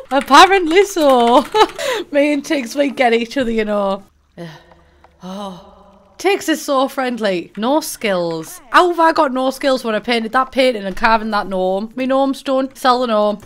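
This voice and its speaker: A woman's voice: medium pitch, a bit bright. A young woman with a Middlesbrough accent chatting casually and swearing as she plays a game, often giggling and mocking herself. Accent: Middlesbrough English. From England. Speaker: gaming YouTuber. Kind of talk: casual gameplay commentary.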